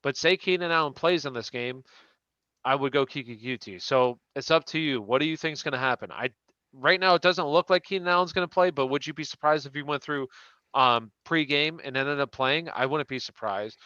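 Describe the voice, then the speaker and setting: A man's voice: a little high, brisk, bright, forceful tone, clean tone, dry recording, dull audio. A man hosting a live question-and-answer stream, chatting casually and restarting his sentences as he answers viewers. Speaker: fantasy football show host.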